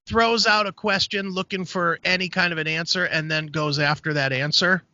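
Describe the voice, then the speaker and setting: A man hosting a podcast, telling a story in a casual, profane, animated way. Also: high voice, moderate pace, no room sound. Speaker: podcast host. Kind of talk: casual chat. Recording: dry, dull lo-fi sound.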